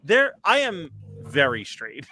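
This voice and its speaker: Male panelist, podcast producer; bright, higher-leaning voice; laughs easily in casual livestream chat. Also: wildly swooping pitch, takes it slowly, slight background noise. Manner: chatty and laughing, self-deprecating storyteller.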